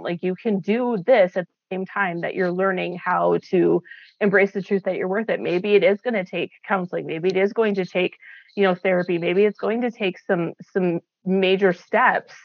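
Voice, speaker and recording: A woman's voice: fairly low pitch, fairly even intonation, moderate pace, dry recording. A woman who founded a wellness program, talking earnestly and reflectively in a casual chat, with frequent fillers. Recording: slightly dull, lo-fi audio.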